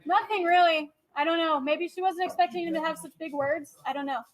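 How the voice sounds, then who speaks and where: A young woman gives a classroom lecture in a very high voice. She talks in a chatty way and keeps checking that her students follow. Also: fairly even intonation, fairly quick, low-quality recording. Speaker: teacher.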